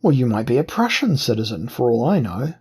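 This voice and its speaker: A man voicing a calm, pompous aristocratic officer who questions a traveler. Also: medium pitch, a little fast, slightly rough, full character voice. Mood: pompous, suspicious. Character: haughty male aristocratic revolutionary officer.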